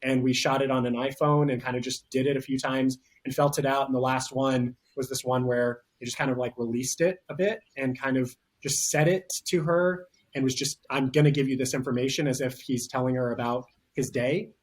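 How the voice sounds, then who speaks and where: A man speaking as a film director in a relaxed interview, talking thoughtfully with frequent fillers and restarts. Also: mid-range voice, normal speed, hardly any pauses. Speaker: writer-director. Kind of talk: casual interview talk.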